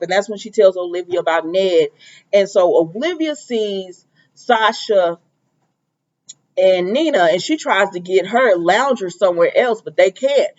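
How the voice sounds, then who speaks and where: A woman's voice: medium pitch, lo-fi sound. A woman giving a casual, chatty recap of a soap opera episode, acting out the characters' lines and often trailing off with "or whatever.".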